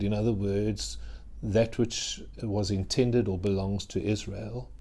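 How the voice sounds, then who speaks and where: Earnest, low-voiced male preacher. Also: darkish tone, husky. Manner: conversational, earnest preaching with dramatic pauses. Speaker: minister. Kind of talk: sermon.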